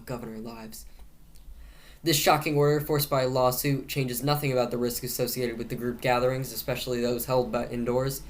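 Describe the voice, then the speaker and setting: The host of a news commentary show, a man with a middle-pitched voice, runs through the day's news on camera. His sarcasm is casual, with dry jokes slipped between headlines, and he frequently stumbles, restarting and correcting himself as he goes.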